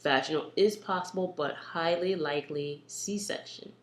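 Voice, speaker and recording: A young woman candidly telling the story of her birth, animated and blunt, with many fillers. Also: low voice, moderate pace, roomy sound. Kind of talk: emotional personal storytelling.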